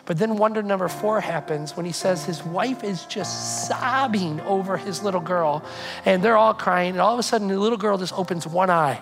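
An earnest pastor delivers a sermon as a story, often doubling back on words as the thought builds. The voice sits in a middle pitch. Music plays clearly underneath. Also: moderate pace, low-quality recording.

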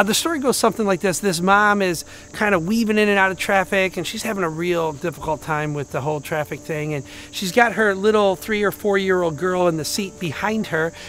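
High-voiced man preaching a casual sermon. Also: slight background noise. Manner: casual, storytelling, swings from loud to hushed. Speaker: pastor. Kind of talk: conversational sermon.

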